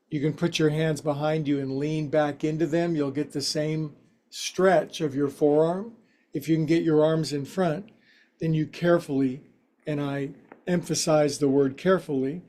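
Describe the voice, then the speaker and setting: Male yoga instructor, warm mellow tone, slightly higher voice, joking folksy delivery. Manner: playful, folksy quips between slow cues. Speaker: yoga teacher. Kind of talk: guided yoga class instruction.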